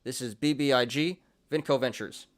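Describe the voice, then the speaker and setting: Brief: young male host, casual market commentary, loose and chatty, laughs a lot, middle pitch. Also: moderate pace. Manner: chatty, laughs often, many fillers and restarts. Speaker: stock and crypto show host.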